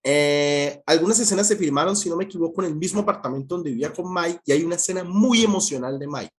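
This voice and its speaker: A man's voice: fairly high pitch, rapid-fire. A man hosting an interview, switching between Spanish and English and laughing often. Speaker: host. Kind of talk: casual bilingual interview.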